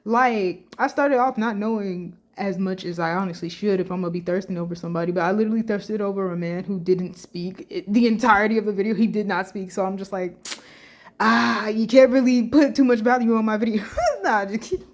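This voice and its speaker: This woman's mid-range voice moves fairly quickly with fairly even intonation as she reads comments aloud in a casual reaction vlog. Her reactions are blunt, peppered with slang and swearing.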